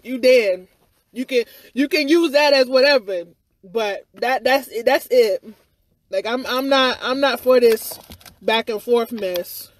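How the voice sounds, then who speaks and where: High-voiced woman ranting on camera. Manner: rambling and frustrated, full of "you know" and "or whatever", with occasional swearing. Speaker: vlogger giving her side of a viral incident. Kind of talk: candid livestream-style rant. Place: outdoors outside her house.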